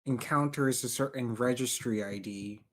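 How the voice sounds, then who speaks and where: A man, a fellow modder, explaining technical problems in casual livestream chat, halting and hesitant. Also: mid-range voice, a bit bright.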